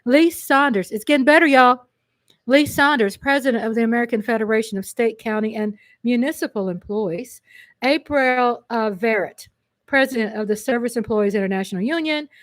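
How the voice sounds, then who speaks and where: A woman's voice: fairly high pitch, normal speed, no echo. Chatty Texan woman livestream host. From Texas. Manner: chatty and excitable, stumbling over names and correcting herself. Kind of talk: casual livestream chat, reading a speaker list.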